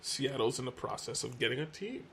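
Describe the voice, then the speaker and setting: A man's voice: medium pitch, lively intonation, brisk, creaky, a bit bright, slight background noise. A man co-hosting a casual podcast, jumping in often and laughing a lot. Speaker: podcast co-host. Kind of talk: casual chat.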